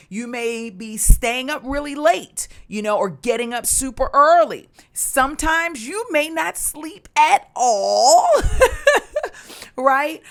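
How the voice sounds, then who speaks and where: A middle-aged woman from Maryland, a recruitment and staffing coach, giving a motivational business tutorial in an upbeat tone with fillers and restarts. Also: a little high. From Maryland, USA.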